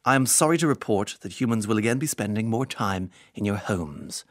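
A formal male cat reading a household advisory in a low, dry voice, a touch sinister by the end, as a man puts him on. The comes through, and the mic is close with no room sound. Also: animated, no room sound, natural voice. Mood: mock-official. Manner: formal, slowly turning sinister.

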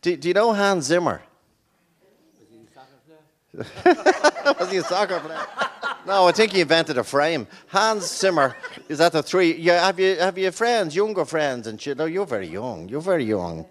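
A man's voice: a little high, big pitch swings, a little slow, pauses often, fairly bright tone. An Irish man hosting a live show, chatting with guests in jokey, stumbling banter. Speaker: host. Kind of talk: live radio show chat.

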